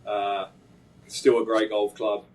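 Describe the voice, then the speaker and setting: A man's voice: on the low side, completely flat delivery, slow, a little mellow, far from the mic, low-quality recording. A man from England, a caddie guest on a podcast, recounting how he started in caddying in a matter-of-fact, casual way. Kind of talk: casual chat.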